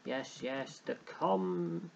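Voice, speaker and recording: A man's voice: mid-range voice, lively intonation, measured pace, gravelly, a little mellow, a little hiss or hum. A young man hosting a let's play, joking and rambling as he reads game text aloud. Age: young adult. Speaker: gaming channel host.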